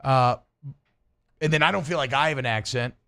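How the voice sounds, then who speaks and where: A man's voice: mid-range voice, moderate pace, fairly bright tone, clear, resonant tone. A man from suburban Georgia co-hosting a sports radio show, talking in a chatty, rambling, joking way. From suburbs north of Atlanta, US. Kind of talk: casual sports talk banter.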